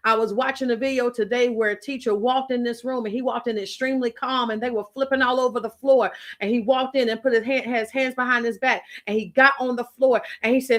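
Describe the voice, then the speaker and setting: Emphatic, preacherly woman with a higher voice. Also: steady tone, fairly quick, hardly any pauses. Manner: emphatic, repetitive, preacherly storytelling. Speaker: faith-based writing coach. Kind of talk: motivational faith talk.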